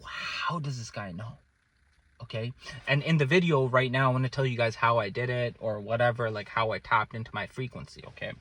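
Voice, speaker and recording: Speaking in a mid-range voice with no echo, a young man shares a personal story with his viewers. He's casual and animated, often checking in with "okay?" as his volume rises and falls.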